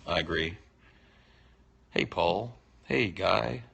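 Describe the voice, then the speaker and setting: A man's voice: low-pitched, steady tone, a little slow, gravelly, pushed and bright. A man hosting a livestream, answering chat questions in a rambling, teasing, profane way. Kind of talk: casual unscripted chat.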